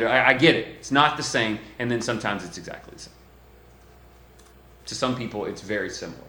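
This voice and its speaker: A man preaching a sermon in a church, talking emphatically and swinging between loud stresses and hushed, quiet lines. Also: lowish voice. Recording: echoey room.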